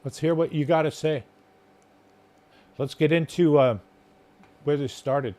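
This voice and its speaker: Hoarse man rambling on a live stream. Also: fairly high pitch, fairly even intonation, measured pace, warm tone. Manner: rambling, filler-heavy talk. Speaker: podcast host. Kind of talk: casual live-stream chat. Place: outdoors at night.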